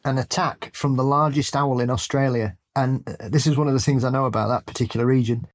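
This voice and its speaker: A man's voice: mid-range voice, steady tone, fast talker. A man co-hosting a spooky-stories podcast, jokey and rambling in casual chat, laughing often. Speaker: podcast co-host.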